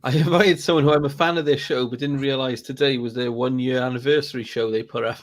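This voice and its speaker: A man's voice: medium pitch, steady tone, quick pace. A man co-hosting a gaming podcast, full of jokes and frequent laughter. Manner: laughing, jokey banter. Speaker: podcast co-host. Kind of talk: casual podcast chat.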